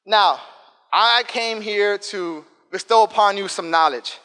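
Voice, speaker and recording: A man in his thirties from the South Bronx with an African American English accent, giving an energetic, talkative and joking casual talk to students. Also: sits high, slow, clean tone. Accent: African American English, New York. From South Bronx, New York. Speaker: guest speaker. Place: school event room. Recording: long reverb hall.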